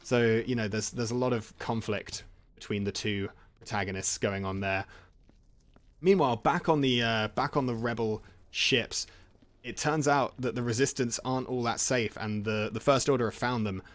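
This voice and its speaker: A man's voice: mid-range voice, steady tone, normal speed. Jokey guy rambling a recap. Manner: rambling, jokey, laughs often. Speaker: gaming channel host. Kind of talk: casual recap while playing a game.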